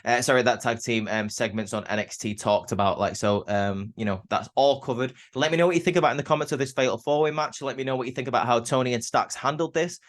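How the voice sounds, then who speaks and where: A man's voice: mid-range voice, fast, few pauses. A man casually recapping a wrestling show, talking loosely with lots of fillers and restarts. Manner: chatty, many fillers and restarts.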